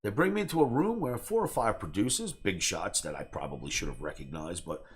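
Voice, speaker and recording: Lively, low-voiced brash male storyteller. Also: fairly quick. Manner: animated, acts out other people's voices; brash, boastful. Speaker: trading educator.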